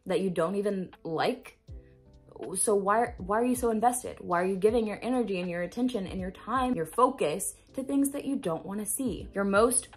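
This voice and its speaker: A woman's voice: mid-range voice, normal speed, slightly rough, soft background music. A woman manifestation coach giving an earnest, emphatic self-help talk to camera, repeating phrases for stress and swearing now and then.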